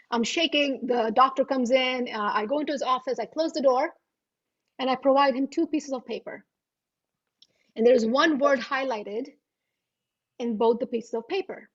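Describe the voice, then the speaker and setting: A woman in her thirties, a guest author on a video call, telling a self-deprecating story with animated delivery. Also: sits high. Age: 30s. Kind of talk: anecdotal storytelling. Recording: muffled lo-fi audio.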